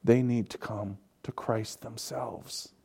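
Slow, mellow-voiced man preaching. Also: medium pitch, steady tone, gravelly, slightly rough. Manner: expository preaching, with repeated words and emphatic builds. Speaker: pastor. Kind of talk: sermon.

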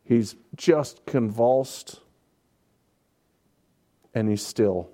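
A man's voice: mid-range voice, drawn-out words, dark tone. A man preaching a sermon, explaining scripture and pressing points home with emphatic, repeated words. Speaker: pastor.

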